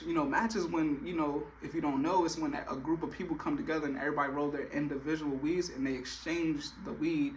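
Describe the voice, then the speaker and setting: A man's voice: fairly high pitch, fairly even intonation, brisk, hardly any pauses, slight background noise. A young man telling a personal story in a casual, slangy way, full of filler phrases.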